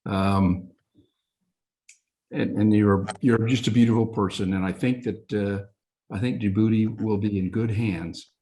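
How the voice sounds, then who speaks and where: A man in the audience of a video call meeting offers warm praise. His voice sits somewhat low. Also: steady tone, unhurried. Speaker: audience member.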